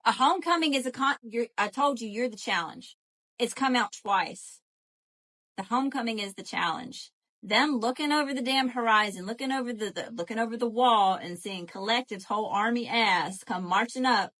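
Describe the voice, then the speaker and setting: Brief: woman tarot reader, slightly high voice, lively and profane, chats to viewers live. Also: normal speed. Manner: animated, profane, addresses viewers as y'all.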